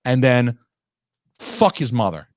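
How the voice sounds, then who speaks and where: Guy ranting on his podcast, swears nonstop, mid pitch, dry close sound. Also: big pitch swings, slow pace, no room sound. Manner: profane, ranting storyteller. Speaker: podcast host. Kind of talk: casual chat.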